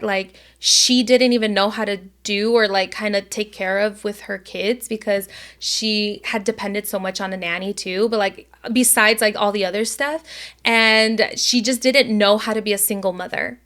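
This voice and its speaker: A woman's voice: medium pitch, fairly even intonation, moderate pace, fairly bright tone. A woman co-hosting a podcast in casual chat, rambling with lots of "like" and casual swearing. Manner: rambling, heavy filler "like", swears freely. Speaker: podcast co-host.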